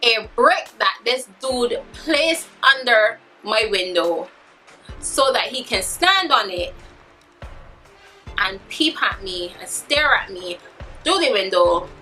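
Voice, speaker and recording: A woman in her twenties telling a story in a vlog, animated and dramatic, acting out what people said. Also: on the high side, slow pace, soft background music. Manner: animated, dramatic retelling with acted-out quotes. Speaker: vlogger.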